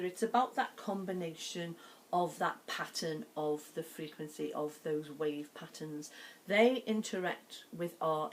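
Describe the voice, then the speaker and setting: A woman with a Liverpool accent, a sound healer explaining her work in a gentle, chatty way with many fillers. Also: fairly low pitch. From Liverpool, England. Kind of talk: explanatory talk to camera.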